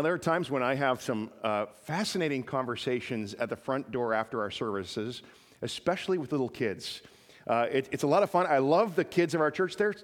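A male pastor preaching a sermon in a conversational style with joking asides. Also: medium pitch. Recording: reverberant church hall.

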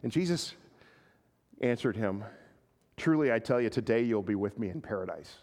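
A man preaching a sermon as a pastor, earnest and halting, often repeating his words as he goes. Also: fairly low pitch, lively intonation, a little mellow, long reverb tail. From Canada.

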